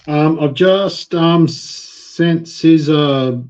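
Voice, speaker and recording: A man's voice: on the high side, extremely slow, darkish tone. A man on a video call, hesitant and self-conscious, stumbling over his words. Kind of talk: casual live-stream chat. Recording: dull lo-fi call audio.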